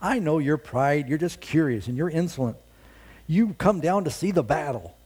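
A man's voice: fairly high pitch, expressive, normal speed, darkish tone, husky. A man voicing an angry, resentful older brother who scolds and accuses. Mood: scolding.

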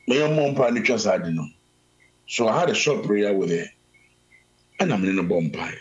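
A man with a Ghanaian accent preaching a sermon, telling a story and mixing Twi with English, swinging between loud calls and low asides. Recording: dull lo-fi sound.

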